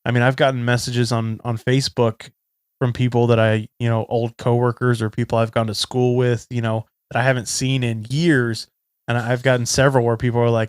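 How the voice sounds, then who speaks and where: Young guy hosting a podcast, smooth clear voice, pretty flat delivery, dry sound. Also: medium pitch, fairly quick, dry recording. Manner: earnest, conversational, says "man" often. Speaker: podcast host. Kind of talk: casual chat.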